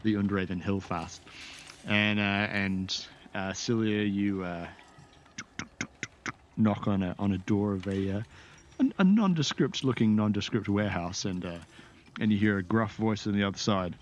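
A man serving as game master, narrating a tabletop game in a meandering, descriptive, halting way. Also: fairly low pitch, muffled recording, slight background noise.

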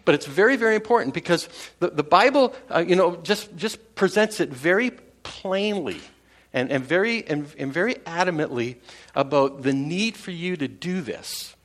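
A man's voice: a little high, expressive, normal speed, a bit bright. A man preaching a casual sermon to his congregation, talking conversationally with many fillers and restarts and chuckling at his own jokes. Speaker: pastor.

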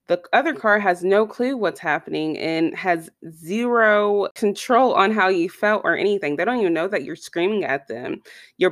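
A woman's voice: lowish voice, no room sound, clean studio sound. A woman giving a casual motivational talk straight to her listeners, chatty, with frequent asides. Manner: conversational, addresses listeners directly with repeated asides.

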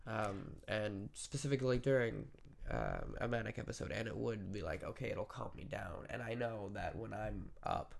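A woman's voice: rumbling low, big pitch swings, normal speed, vocal fry, a little mellow. A woman in casual chat who makes wry, joking asides.

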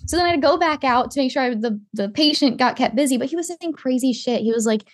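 Young woman, casual storyteller, swears freely, quick delivery. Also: high-pitched, no echo, clean studio sound. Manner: animated, swearing, acts out quotes. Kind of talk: casual chat.

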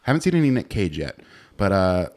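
Low-voiced young guy hosting a podcast, chill, swears a lot. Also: sing-song, a little fast, darkish tone. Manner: laid-back, swears casually. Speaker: podcast host. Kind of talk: casual podcast chat.

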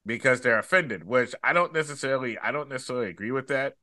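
A man's voice: mid-range voice, fast, pushed and bright, dry recording. A man chatting casually on a comedy podcast, easygoing and laughing often as he tells a story. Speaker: podcast guest.

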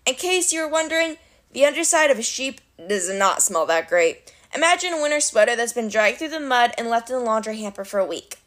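A woman reading a novel aloud in storybook narration, with an animated, wry delivery. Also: on the high side, brisk. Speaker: reader of a novel.

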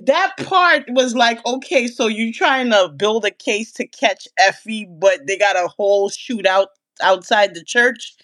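Fairly high-voiced woman chatting casually. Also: a little slow, hardly any pauses, fairly bright tone, dry recording. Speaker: guest co-host. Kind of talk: casual TV recap chat.

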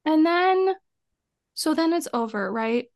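A young adult woman, a podcast co-host, telling an animated story in casual chat, swearing often and acting out both sides. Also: high voice, slow, no room sound, clean studio sound.

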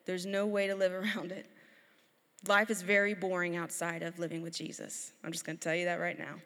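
Woman preacher, thirties, lively storyteller, long hall reverb. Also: on the low side, fairly quick. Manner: lively storytelling, acts out her kids' voices. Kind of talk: sermon with personal stories.

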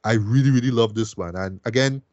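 A man's voice: lowish voice, fairly quick, a little mellow, no echo, lo-fi sound. A man hosting a film review podcast, talking eagerly and tagging lines with "right?" and "boy". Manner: enthusiastic, many fillers like "right?" and "boy". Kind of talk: casual film review chat.

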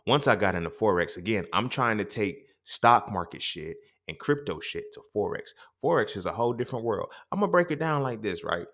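A young man hosting a casual podcast monologue, swearing freely and acting out quoted dialogue in his stories. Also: normal speed. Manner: profane, streetwise storytelling with quoted dialogue; animated, jumps up in pitch when quoting. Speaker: podcast host.

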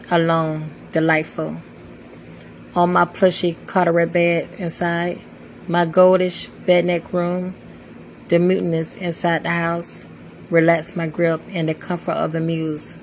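A woman in her twenties reading her own spoken-word poetry, slow and solemn with measured pauses. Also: low-pitched, a little hiss or hum, rough recording. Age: 20s. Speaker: poetry podcaster.

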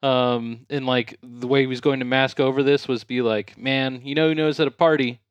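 A man's voice: mid-range voice, fairly even intonation, moderate pace, clean tone, no room sound, dull audio. A man chatting casually on a podcast, rambling with lots of fillers. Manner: rambling, filler-heavy reflection. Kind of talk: casual chat.

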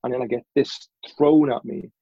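Male guest, earnest and halting, dry close sound. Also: medium pitch, steady tone, vocal fry, slightly rough, dry recording, phone-quality sound. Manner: earnest, halting, with frequent restarts. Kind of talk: candid personal storytelling.

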